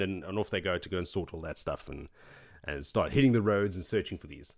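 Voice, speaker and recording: Guy podcast host rambling thru a book recap, lower voice, does little character bits. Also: lively intonation, brisk, fairly bright tone. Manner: rambling, laughing, acts out characters' lines. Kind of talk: casual book recap chat.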